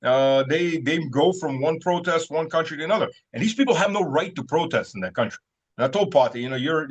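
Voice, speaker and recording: A man's voice: a little high, fairly bright tone, breathy edge. A man talking casually as an interview guest, rambling with many fillers and chuckling at his own stories. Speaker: guest, military-political commentator.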